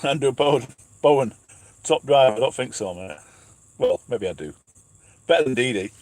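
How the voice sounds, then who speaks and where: A man from England chats casually from his truck cab at night, laughing at himself as he reads out viewer questions. His voice sits at an everyday middle pitch, and the sound is dry and close. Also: animated, moderate pace, darkish tone, dry recording. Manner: chatty, self-mocking, laughs often, reads names aloud. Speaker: truck driver and channel host. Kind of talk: casual live-stream chat reading viewer questions.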